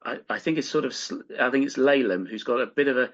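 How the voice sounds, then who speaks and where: A British man on a casual podcast, pausing and restarting as he hunts for the right word. His voice sits at a mid pitch, and the audio is a little dull and lo-fi. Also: a bit bright. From United Kingdom. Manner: halting, searching for words. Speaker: podcast co-host.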